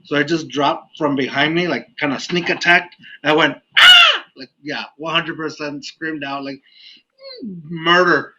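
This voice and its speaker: A man hosting a podcast, telling a story in an animated, casual way and laughing often. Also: on the high side, normal speed, hardly any pauses, slight background noise. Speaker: podcast host. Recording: dull lo-fi audio.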